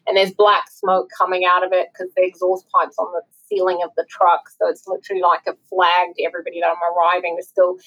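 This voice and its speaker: A woman's voice: lowish voice, monotone, quick pace, few pauses, fairly bright tone, slightly rough, low-quality recording. A woman, telling personal stories earnestly as a guest author in an interview. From South Africa. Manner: earnest, heartfelt storytelling. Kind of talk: interview conversation.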